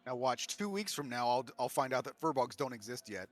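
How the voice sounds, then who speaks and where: A man's voice: medium pitch, lively intonation, a little fast, soft background music. A man running a tabletop game as game master, narrating in a casual way with many restarts.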